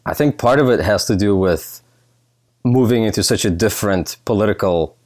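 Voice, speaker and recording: A middle-aged man from Russia tells stories as a podcast guest in a loose, candid way, with plenty of fillers. His voice sits very low. The recording is dry and close, with no room sound. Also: normal speed, dry recording. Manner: relaxed, candid storytelling with fillers. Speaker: guest, political science professor. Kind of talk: casual conversational interview.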